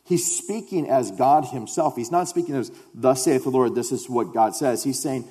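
A man's voice: medium pitch, moderate pace, few pauses. Preacher man in an echoing hall. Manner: impassioned, rising to loud emphatic stretches, then dropping quiet. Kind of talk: sermon. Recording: long hall reverb.

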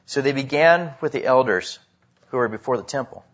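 A man preaching a sermon, swinging between loud emphasis and hushed drops. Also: medium pitch, brisk, muffled recording. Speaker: pastor.

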